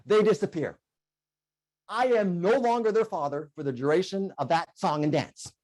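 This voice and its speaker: A man's voice: high-pitched, normal speed. A middle-aged man giving a humorous keynote speech to an online audience, telling stories with bursts of singing and laughter. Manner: animated storyteller, bursts into sung "oh yeah" and laughs. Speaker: keynote speaker.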